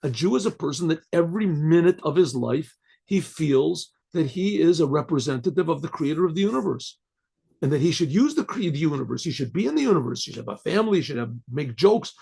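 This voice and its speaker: An older man, a rabbi, giving a Torah lecture in English mixed with Yiddish and Hebrew phrases, clearing his throat now and then. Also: a little high, big pitch swings, fairly quick, darkish tone. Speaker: rabbi teaching.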